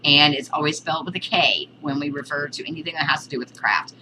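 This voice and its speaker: A woman's voice: low-pitched, quick pace, background noise. A woman giving a casual spoken lesson on witchcraft, hesitant, with many ums and restarts. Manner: chatty, breaks off to scold her cat. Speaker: witchcraft teacher.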